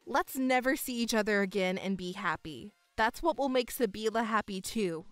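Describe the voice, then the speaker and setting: Woman playing a calm cold young stepdaughter in a drama story, measured and firm, dry close mic. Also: medium pitch, no echo, faint music behind, pitched below the performer's own voice, close to an everyday voice. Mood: composed.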